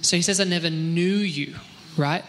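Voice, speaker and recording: Man, church teacher, casual and joking, bright forceful tone, slightly higher pitch. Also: normal speed, long reverb tail. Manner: relaxed, joking, reads scripture aloud. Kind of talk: casual Bible teaching discussion.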